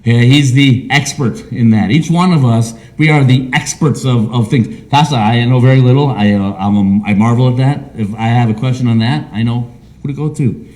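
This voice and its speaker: A man's voice: medium pitch, moderate pace, hardly any pauses. A man preaching a sermon as pastor of a small church, with a Midwestern American accent, who acts out imagined conversations. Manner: animated, acts out imagined dialogue.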